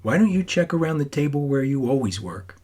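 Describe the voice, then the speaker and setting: A man's voice: medium pitch, big pitch swings, brisk, darkish tone, breathy edge, voice pushed up. A man voicing a curt, clipped woman librarian.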